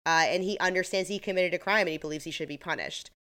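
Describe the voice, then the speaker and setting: A woman's voice: on the low side, fast talker, fairly bright tone. A woman co-hosting a podcast, casually recapping a TV episode with lots of fillers and the odd laugh. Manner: chatty, filler-heavy retelling with laughs. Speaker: podcast co-host.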